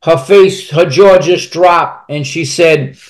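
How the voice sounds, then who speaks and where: Taking it slowly in a fairly high voice, a man recounts his own life as a podcast guest. The storytelling is candid, blunt and full of profanity, rambling with many restarted sentences.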